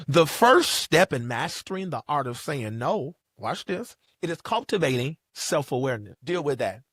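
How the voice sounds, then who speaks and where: Emphatic man preaching with a fairly high voice. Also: fairly bright tone, no echo, clean studio sound. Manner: emphatic, repetitive preacher cadence. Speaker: podcast host. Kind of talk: motivational preaching talk.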